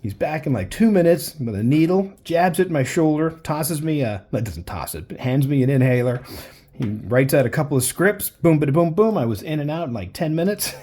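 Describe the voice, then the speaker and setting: Male artist, loose, jokey running talk while drawing; husky voice that swings up and down. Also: on the high side, animated, brisk, mellow. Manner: rambling, jokey storytelling. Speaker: artist sketching live. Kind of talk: casual commentary while drawing.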